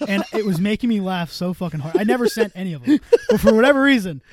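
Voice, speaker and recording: A man's voice: high voice, expressive, fast talker. A young man co-hosting a podcast, telling rambling, profane stories in casual chat and laughing often. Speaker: podcast co-host.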